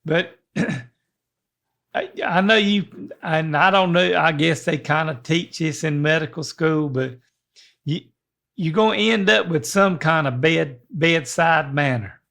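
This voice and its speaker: Gravelly older man. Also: on the high side, slow, fairly bright tone. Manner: rambling, folksy, many restarts. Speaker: podcast co-host. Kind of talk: casual chat.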